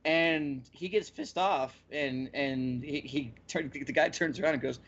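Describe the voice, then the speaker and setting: A man hosting a podcast, recapping a story in casual chat with lively, stop-and-start storytelling. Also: a little high, measured pace, few pauses. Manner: animated storytelling with frequent restarts. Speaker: podcast host. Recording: slightly muffled lo-fi audio.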